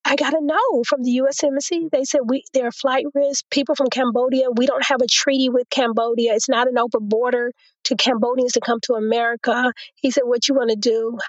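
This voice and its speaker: Woman telling a faith story, higher voice. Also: brisk, hardly any pauses, dry recording, muffled recording. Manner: storytelling, quotes others in a lively retelling. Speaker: guest. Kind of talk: personal testimony in an interview.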